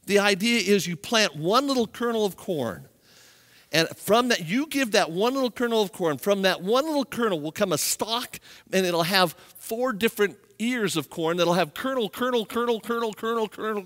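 High-voiced preaching man in a church. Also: long reverb tail. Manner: animated preaching, rising and falling intensity. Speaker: pastor. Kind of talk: sermon. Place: church sanctuary.

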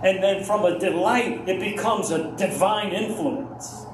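A male pastor preaching a sermon slowly and earnestly, often dropping to soft murmurs and rising with feeling. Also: high voice. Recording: echoey room, mic at a distance, faint ambient noise.

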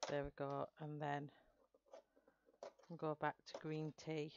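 A woman hosts a live colouring stream, chatting casually, giggling, and greeting viewers by name. Her voice is deep, monotone, and slow. The audio is dull, with a noisy background.

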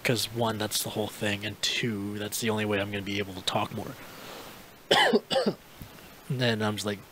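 A man's voice: lowish voice, normal speed, a little hiss or hum. A man in his twenties, a podcast co-host, telling a casual story with lots of laughter and acted-out dialogue. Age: 20s. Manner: animated, laughs often, acts out both sides of the dialogue.

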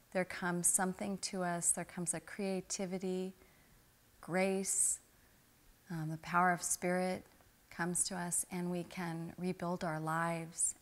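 A middle-aged woman, an interview guest, telling a personal story in an earnest, spiritual way that grows animated in the anecdotes. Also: on the low side.

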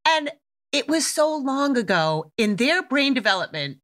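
A middle-aged woman hosting a podcast, telling a story in an animated, casual way with laughs and the odd swear word. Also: mid-range voice, moderate pace. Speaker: podcast host. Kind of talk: casual chat.

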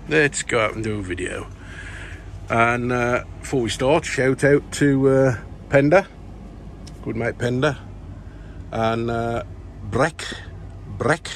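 A middle-aged man chatting casually in a vlog, rambling through shout-outs with lots of fillers and restarts. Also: medium pitch, creaky, slight background noise. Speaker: plant grower vlogger. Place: indoor grow tent.

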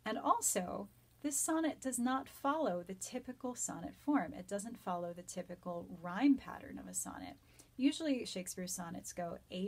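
A woman teaching a Shakespeare sonnet from home, reading verse lines slowly and then explaining them in an enthusiastic, nerdy, chatty way. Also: medium pitch, animated. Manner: enthusiastic, self-described nerdy. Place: home during quarantine.

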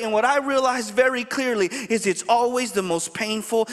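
A man preaching a sermon as a pastor, telling stories in a quick, halting way full of restarts. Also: very high-pitched, long reverb tail. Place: church sanctuary.

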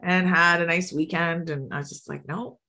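A woman's voice: fairly low pitch, fairly even intonation, moderate pace, pushed and bright. A woman in her thirties, a podcast guest, chatting candidly and acting out quotes in her stories with laughs. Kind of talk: candid casual chat.

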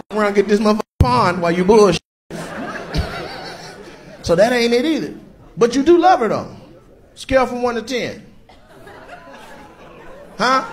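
A man doing stand-up crowd work in a large theater, teasing audience members in with loud bursts. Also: sits high. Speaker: stand-up comedian. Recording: crowd laughter and noise.

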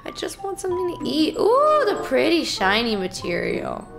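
A young woman chatting through a game stream, her voice high and swooping all over the place. She gets excitable, gasping and cursing at the game. Music plays clearly behind her. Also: normal speed. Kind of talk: casual gaming stream chatter.

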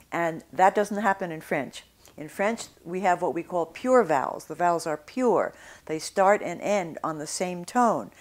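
A woman teaching French pronunciation in a video lesson, explaining clearly and slowly modeling sounds. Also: fairly low pitch.

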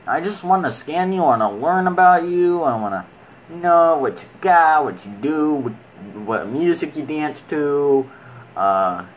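A man's voice: mid-range voice, slight background noise, poor audio. A man giving casual commentary while playing a video game, rambling and talking fondly to the creatures on screen.

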